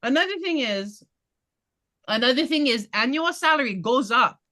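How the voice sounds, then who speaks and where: A woman's voice: high-pitched, lively intonation, normal speed, pushed and bright. A woman candidate speaks bluntly and passionately to neighbors at a community meeting. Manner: passionate, blunt, laughing asides. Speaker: political candidate.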